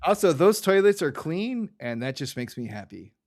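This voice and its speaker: Slightly high-voiced joking male podcaster. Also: sing-song, normal speed, darkish tone. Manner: joking, laughs often, hums silly sound effects. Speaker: podcast co-host. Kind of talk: casual chat, episode recap.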